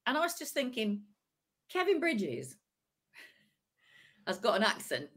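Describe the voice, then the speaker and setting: Lively woman chatting on a podcast. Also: fairly high pitch, a little slow. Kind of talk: casual chat.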